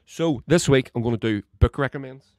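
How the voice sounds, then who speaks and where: This is a podcast host delivering a political monologue by himself, his mid-range voice moving fairly quickly. His rant is heated and laced with constant swearing, climbing to shouts, recorded in studio quality with no room sound.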